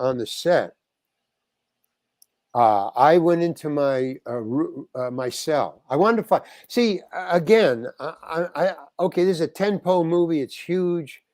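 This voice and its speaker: An older man tells an anecdote as an interview guest, with a voice of middle pitch for a man. He restarts his sentences often and acts out the lines of the people in his story. The sound is dry and close, with no room in it. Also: a little mellow, no room sound. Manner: storytelling with restarts, acting out quoted exchanges. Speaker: guest actor.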